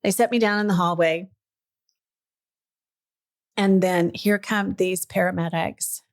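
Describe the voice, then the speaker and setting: A middle-aged woman with a fairly low voice, the host of a chatty podcast. She tells a personal story in a lively, earnest way that turns emotional at times. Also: unhurried. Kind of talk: personal storytelling in a casual chat.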